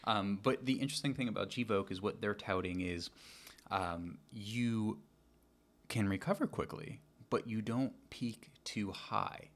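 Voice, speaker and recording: A man with a fairly low voice co-hosts a relaxed chat show. He explains things steadily and informatively, dotting his sentences with fillers. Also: a little slow. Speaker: co-host. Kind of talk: casual chat.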